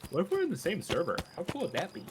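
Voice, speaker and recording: A man's voice: high voice, huge pitch swings, rapid-fire. A man streaming a game, teasing his friends and talking to his chat. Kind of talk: casual gaming chat. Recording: noisy mic with clicks.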